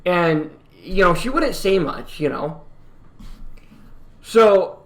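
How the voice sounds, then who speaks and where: Man, young adult, from upstate New York, slightly high voice, rambling, halting, casual vlog storytelling. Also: lively intonation. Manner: rambling, halting, with many fillers and restarts. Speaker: YouTuber.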